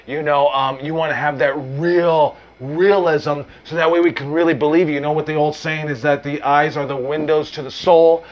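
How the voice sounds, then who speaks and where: Rambling wrestling coach with a raised voice. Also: male voice, fairly high pitch, steady tone, normal speed, few pauses, highs cut off. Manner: loose, rambling, many fillers and restarts; uses mild profanity. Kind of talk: casual instructional talk.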